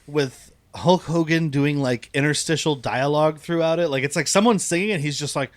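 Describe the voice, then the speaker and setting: A man, a podcast co-host, recapping a movie in casual chat, jokey and quick to laugh. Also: on the high side. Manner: jokey, laughs often, slips into silly voices.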